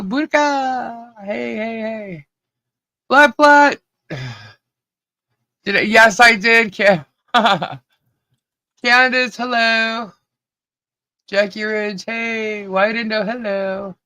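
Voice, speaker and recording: A podcast co-host with a hoarse voice, cheerfully greeting viewers one by one on a live stream. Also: mid-range voice, very slow, pauses often, pushed and bright, no echo. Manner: giddy, laughing, greets viewers by name.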